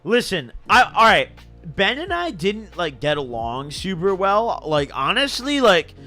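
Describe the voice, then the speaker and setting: Animated, bright-voiced young man storyteller. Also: high voice, unhurried, soft background music. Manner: animated, slangy, laughs through his story. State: intoxicated. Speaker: streamer. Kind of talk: casual storytelling on stream.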